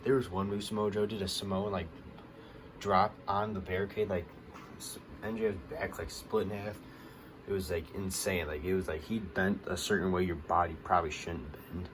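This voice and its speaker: A low-voiced man recaps a wrestling show for his vlog in a loose, rambling way, full of "like" and "um." He gets more worked up as the action heats up. Clear background noise runs under the whole recording. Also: moderate pace. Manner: rambling, many fillers, gets excited at big moments. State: hiccups.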